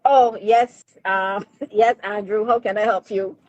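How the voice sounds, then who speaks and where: A woman's voice: mid-range voice, steady tone, unhurried, darkish tone, no room sound. A woman at home making a phone call and placing an order, with polite, brief replies. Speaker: host's wife, on the phone. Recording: distant and muffled, off-mic.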